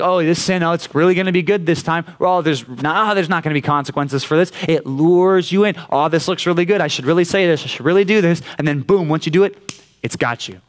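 A young man with a Californian accent preaching a casual sermon to a youth group, conversational and often checking in with "right?". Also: a little high. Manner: conversational, keeps asking "right?". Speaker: youth pastor. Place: church youth room.

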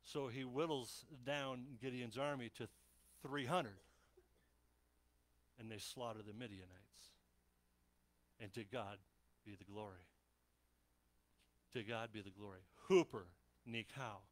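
A man preaching a sermon as pastor, animated and playful, with frequent restarts as he acts out Bible scenes in voices. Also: mid-range voice, unhurried, pauses often.

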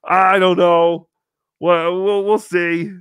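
A man's voice: high voice, little pitch movement, takes it slowly, fairly bright tone, smooth, dry recording, clean studio sound. A man hosting a call-in podcast, chatting casually in a wry, rambling way and swearing freely. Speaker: podcast host taking calls.

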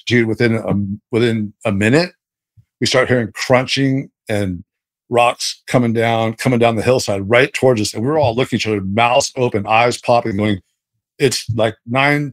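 A man as a podcast guest telling a story casually, animated and rambling with many restarts. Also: mid-range voice, no room sound.

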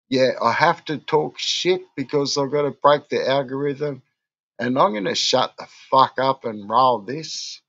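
A man's voice: mid-range voice, a bit bright, lo-fi sound. An Australian man hosting a livestream, drunk and rambling, swearing constantly in casual chat. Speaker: livestream host.

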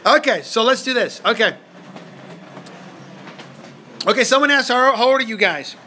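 Playful dad hosting a live toy stream. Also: male voice, extremely high pitch, animated, sharp tone, slight background noise. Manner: loose, joking, reads comments quickly and stumbles. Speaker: family channel host, dad. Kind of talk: live-stream Q&A chat with his kids. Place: home, indoors.

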